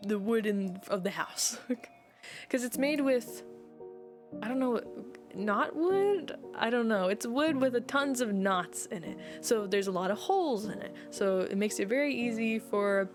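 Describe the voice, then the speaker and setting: A woman streamer chatting casually, rambling and giggling with plenty of fillers. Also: mid-range voice.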